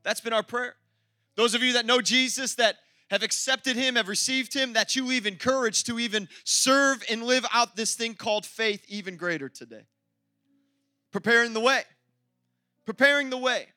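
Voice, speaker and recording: A man preaching a sermon as pastor, energetic and exclamatory, with playful asides to the congregation. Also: very high-pitched, normal speed, no echo, clean studio sound.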